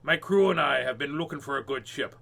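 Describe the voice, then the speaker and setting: A man's voice: mid-range voice, fairly quick, vocal fry, pushed and bright. A man voicing a tiny, courteous toy pirate captain in a storybook, speaking in a formal, courtly way. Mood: gallant.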